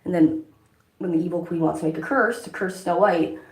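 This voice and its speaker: A woman vlogger talks in a loose, rambling way while doing makeup, swearing freely. Her voice is low and gravelly. The recording rings with the echo of a bare room. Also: a little fast. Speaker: vlogger, songwriter. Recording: echoey room.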